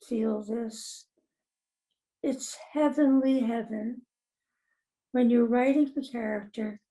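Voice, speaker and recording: A woman's voice: fairly high pitch, gravelly, mellow, poor audio. An older woman, a TV comedy writer, telling stories in conversation, acting out quoted voices and laughing often. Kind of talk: conversational storytelling.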